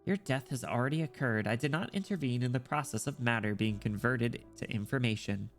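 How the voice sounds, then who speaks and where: A man reading aloud the lines of a cold, matter-of-fact female priestess, flat and emotionless. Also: medium pitch, fairly quick, soft background music, natural voice. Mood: detached.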